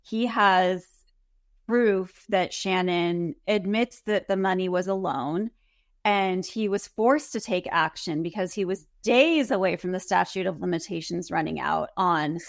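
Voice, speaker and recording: A woman's voice: on the low side, measured pace, creaky, no echo, clean studio sound. A woman co-hosting a casual recap podcast, exasperated, acting out quotes as she retells scenes. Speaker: podcast co-host.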